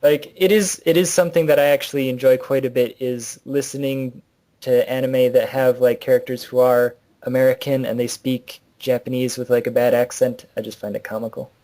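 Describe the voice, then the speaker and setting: A man's voice: mid-range voice, steady tone, fairly quick, warm tone. A man from near Buffalo chatting casually, hedging a lot with likes and I don't knows. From near Buffalo, New York. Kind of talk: casual chat.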